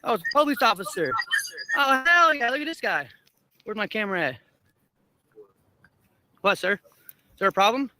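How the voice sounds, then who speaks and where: A man's voice: sits high, sing-song, normal speed, pauses often, bright, forceful tone, a little hiss or hum. A man livestreaming from a public sidewalk, taunting and cursing at people in an aggressive, profane rant. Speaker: street streamer. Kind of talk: confrontational livestream ranting. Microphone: handheld camera.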